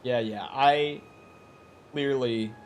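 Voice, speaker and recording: A man's voice: mid-range voice, extremely slow, a little hiss or hum. A man streaming a game, chatting casually with viewers, rambling and joking with frequent laughs. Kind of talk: casual chat with viewers while gaming. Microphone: headset or desk mic, wears headphones.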